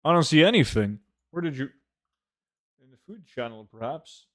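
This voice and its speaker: A man's voice: fairly high pitch, expressive, normal speed, dry recording, clean studio sound. A man streaming a game, chatting casually with viewers, joking, swearing freely and humming to himself between remarks. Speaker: gold-farming game streamer. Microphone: desk microphone.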